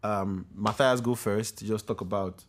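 A young Nigerian man with a Nigerian accent hosting a casual podcast, playful and quick to laugh. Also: fairly low pitch. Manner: lively, playful, laughs often. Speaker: podcast host.

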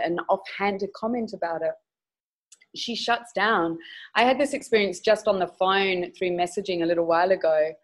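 Husky-voiced woman, frank and emphatic. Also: medium pitch, rough recording. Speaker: sex educator guest. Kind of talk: candid podcast interview.

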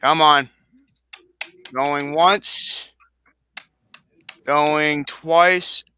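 Bright-voiced man hyping a live chat. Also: fairly high pitch, steady tone, drawn-out words, smooth. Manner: upbeat, coaxing the chat, joking asides. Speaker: podcast co-host. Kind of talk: casual live-stream chat.

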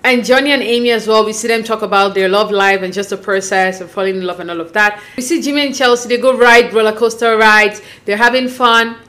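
A woman casually recapping a reality dating show, acting out the cast's lines with lively, opinionated commentary. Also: mid-range voice, brisk, few pauses. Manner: animated, acts out quotes, opinionated. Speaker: recap host.

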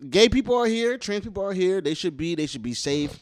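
A man's voice: sits high, expressive, fairly quick, no room sound. A man co-hosting a podcast, talking emphatically and profanely in a casual chat. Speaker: podcast co-host.

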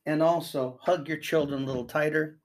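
A man's voice: fairly high pitch, steady tone, fairly quick. Earnest rambling grandfather giving advice. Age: older. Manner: rambling, reads news aloud and reacts. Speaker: commentator. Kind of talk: casual spoken commentary.

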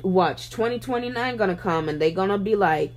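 Animated young woman chatting casually. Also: mid-range voice, a little fast. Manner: animated, slangy, jumps into mock voices. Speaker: podcast co-host. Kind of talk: casual chat.

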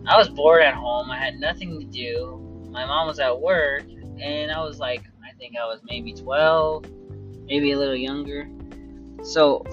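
An animated speaker telling casual stories on a solo podcast, laughing often and bursting into loud quoted lines. The voice is slow and unhurried at its own pace. It is recorded on a dull, lo-fi voice memo with soft music behind it. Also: mid-range voice. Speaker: podcast host. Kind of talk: casual storytelling.

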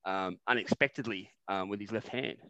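An Australian man co-hosting a satirical podcast, rambling and animated, swearing freely in casual banter. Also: fairly low pitch, normal speed, smooth, no echo, muffled recording. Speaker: podcast co-host.

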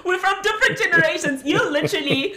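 A woman in her thirties with a Johannesburg South African accent, hosting a casual podcast, lively and teasing, laughing often. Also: very high-pitched, fast talker, echoey room. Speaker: podcast host.

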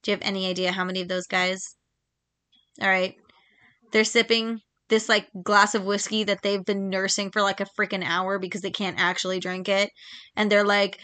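A woman in a talk podcast chats through her opinions in a loose, animated way, dropping filler words and slipping into quick mock voices. Her tone is bright and forward. Her pitch sits in an ordinary middle range for a woman. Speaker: podcast host. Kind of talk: casual opinion monologue.

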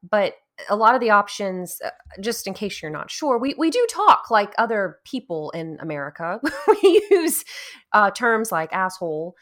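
A woman from Louisiana chats casually as a co-host, telling stories with plenty of animation. She laughs often and her voice sits at an ordinary middle pitch. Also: sing-song, moderate pace, a bit bright. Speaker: podcast co-host. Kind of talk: casual chat about a video game.

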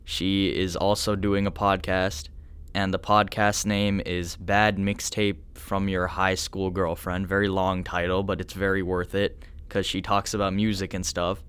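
A man's voice: low voice, a bit bright, clean tone. A young man hosting a casual solo podcast, telling stories and laughing often at his own amusement. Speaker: podcast host.

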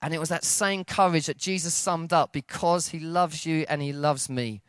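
A man delivers a sermon in a fairly high voice. He tells stories animatedly, dropping low and rising for the voices in them. The recording is close and dry. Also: moderate pace, clean tone, no room sound. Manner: animated storytelling, acting out dialogue with shifts in pitch and loudness. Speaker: preacher.

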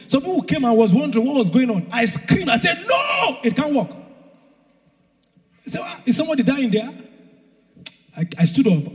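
High-voiced man preaching in a reverberant hall. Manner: rousing, shouts and sings phrases, asks the congregation. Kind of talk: sermon. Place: church hall.

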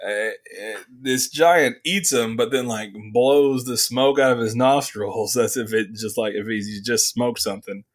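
A man co-hosting a casual comic book review podcast, animated, laughing often and acting out characters' lines. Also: mid-range voice, a little slow, hardly any pauses. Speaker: podcast co-host.

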